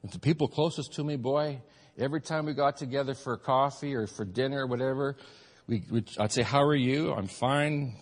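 A man preaching a sermon as pastor, rising to loud peaks and dropping to quiet asides. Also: medium pitch, steady tone, a little fast. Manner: preaching, swings from shouted peaks to soft asides. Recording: long hall reverb.

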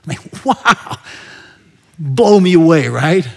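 High-voiced man preaching a conversational sermon. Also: very animated, takes it slowly, gravelly, pauses often. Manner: engaging, asks the listeners rhetorical questions often; drops to a soft murmur at the end of many phrases.

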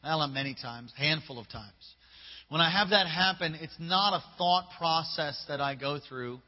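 A high-pitched male pastor delivers an emphatic, casual sermon, acting out the dialogue as he goes. His voice carries a long reverb through a church sanctuary. The recording is dull and lo-fi. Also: normal speed, faint music behind. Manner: emphatic, casual preacher who acts out dialogue. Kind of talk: sermon with storytelling.

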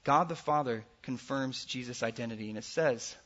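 A man preaching with a bright, forceful edge and a faintly husky grain. He is earnest and swings between loud emphasis and hushed passages. The recording sounds dull and lo-fi. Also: medium pitch, moderate pace. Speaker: pastor. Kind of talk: sermon.

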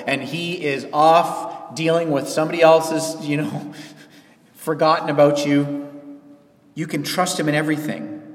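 A man preaching a sermon in a conversational, animated way from a church sanctuary. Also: a little high. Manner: conversational, animated, with quoted asides. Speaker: pastor. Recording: echoey church hall.

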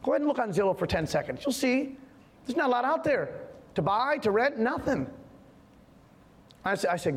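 A man's voice: extremely high pitch, sing-song, fairly quick, pauses often, long reverb tail. A man in middle age, a pastor preaching an impassioned sermon with emphatic repetition in a church. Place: church sanctuary.

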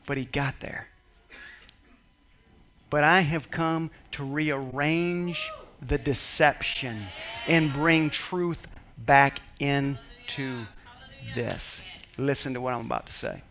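A male pastor preaching a sermon, emphatic, dropping quiet then rising to shouts. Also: medium pitch, slow pace.

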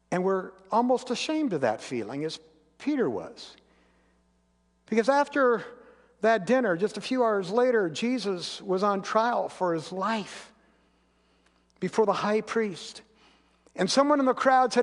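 Pastor guy preaching, earnest storyteller, high voice, long echo in a church. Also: animated, normal speed. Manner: earnest, storytelling, dropping to quiet intensity. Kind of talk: sermon. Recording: long reverb of a large hall.

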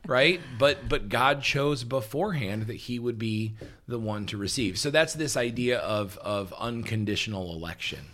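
A man co-hosting a relaxed talk show, explaining points patiently and checking in with "right?" between them. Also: medium pitch, moderate pace. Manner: relaxed, with frequent "um" and restarts, laughs easily. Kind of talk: casual teaching conversation.

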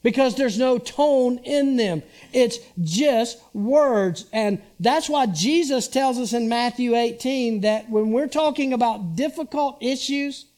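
A man's voice: extremely high pitch, slow, few pauses, a little mellow. A man in his sixties preaching a sermon as pastor, conversational and full of rhetorical questions to the congregation.

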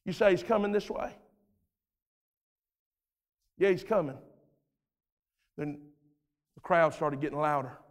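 A male preacher delivering a dramatic sermon, swinging between hushed storytelling and loud shouts, recorded in a church sanctuary. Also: on the high side, slow, long pauses. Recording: reverberant church hall.

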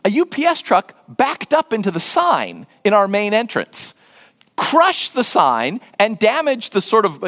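An older man preaching a sermon as pastor, lively and acting out quoted voices. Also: sits high, long reverb tail. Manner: animated, acts out quoted voices.

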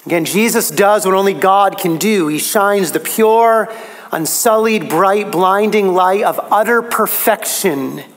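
A man preaching a sermon, emphatic, his pitch rising on key phrases. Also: unhurried, fairly bright tone.

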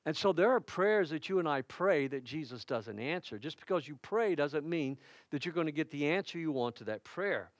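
A middle-aged male pastor delivers his sermon in a fairly high voice. He tells stories with dramatic flair, acting out loud shouts, then sinks to a soft hush when he prays. The sound is close and dry. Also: animated, moderate pace, dry recording. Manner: storytelling preacher who dramatizes quoted shouts; drops to a soft, hushed tone in prayer.

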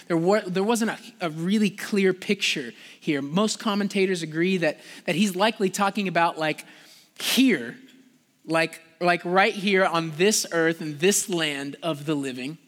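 A man preaches in a loose, conversational manner, leaning on "like" and pressing harder as he pleads his point. His voice sits high for a man. The sound carries a long reverb, as in a large church sanctuary. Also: a bit bright. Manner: casual, conversational preaching with frequent "like"; passionate, rising in pitch and volume when pleading. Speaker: pastor. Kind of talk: sermon.

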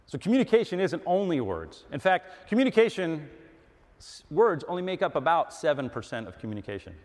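A middle-aged man preaching a sermon, animated and emphatic, acting out little dialogues as he goes. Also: a little high, moderate pace. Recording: long hall reverb.

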